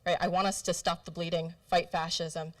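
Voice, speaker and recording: A woman's voice: lowish voice, level tone, normal speed. Earnest emotional young woman candidate. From New Jersey. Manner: emotional, earnest, many fillers and restarts. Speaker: congressional candidate. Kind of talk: candidate forum speech. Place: event room with food.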